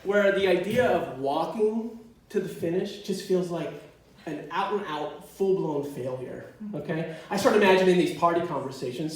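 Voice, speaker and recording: Animated male storyteller in an echoey hall. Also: fairly high pitch, moderate pace, far from the mic. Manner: animated, self-mocking, swears freely. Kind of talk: live storytelling performance. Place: stage at a live storytelling show.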